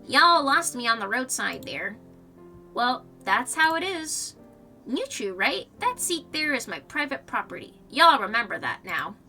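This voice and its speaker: A woman's voice: a little high, very animated, unhurried, bright, forceful tone, heavily acted. Rabu, a woman putting on a drawling pigeon regular. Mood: folksy. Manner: swaggering, folksy. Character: boastful male pigeon café regular, country drawl. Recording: distant mic, faint music behind.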